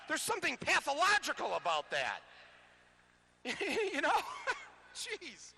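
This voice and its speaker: A man speaks to a live audience in a high, sharp voice with a gravelly edge. He keeps the talk loose and conversational, trips over his words and chuckles between points. He is amplified through a stage microphone. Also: sing-song, a little slow, pauses often. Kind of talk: live political talk with comic asides. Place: public lecture venue before an audience.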